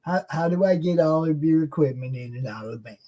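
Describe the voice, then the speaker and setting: A woman's voice: deep voice, a little fast, over a noisy crowd, lightly acted. A woman doing a lazy slacker guy. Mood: laid-back. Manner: laid-back, drawling, calls people bro and man. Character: lazy male slacker co-host living in the basement. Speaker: co-host. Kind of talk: comedy sketch show.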